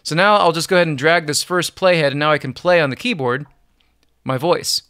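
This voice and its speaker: Bright-voiced man teaching music software. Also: on the high side, a little fast, clean tone, no room sound, clean studio sound. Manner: relaxed, upbeat explaining with chuckles. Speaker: music production tutor. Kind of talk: screen-recorded software tutorial.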